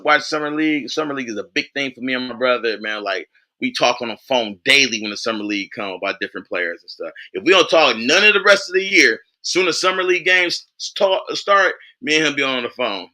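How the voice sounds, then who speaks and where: Bright-voiced man in casual sports talk. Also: medium pitch, brisk. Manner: boastful, animated trash talk; casual, with frequent fillers. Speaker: sports vlogger.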